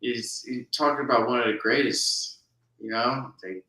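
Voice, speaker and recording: Brief: rambling guy from New Jersey, bright tone, echoey room. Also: mid-range voice, fairly even intonation, moderate pace. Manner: rambling, full of restarts and fillers. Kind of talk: casual chat.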